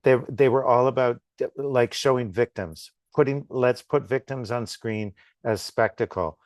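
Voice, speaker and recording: A man's voice: medium pitch, dry recording, clean studio sound. A middle-aged man, a film director, talking in a casual interview and often restarting his sentences. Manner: halting, repeats words when starting.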